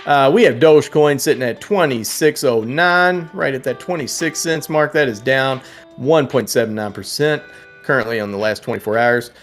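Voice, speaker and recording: A man's voice: medium pitch, moderate pace, faint music behind. A man hosting a live trading stream, chatting casually as he reads out prices and viewers' names, laughing and sometimes singing names. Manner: chatty, reads prices and chat names, sing-song repeats of names, laughs often. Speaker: livestream trading host. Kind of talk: casual live market commentary.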